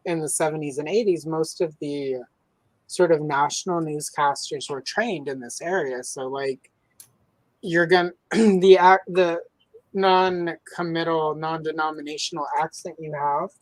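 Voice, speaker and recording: A woman from the American South hosting a casual podcast chat, telling joking stories in a relaxed, drawling way. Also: low-pitched, unhurried, no echo, rough recording. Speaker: host. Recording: dry close-miked sound.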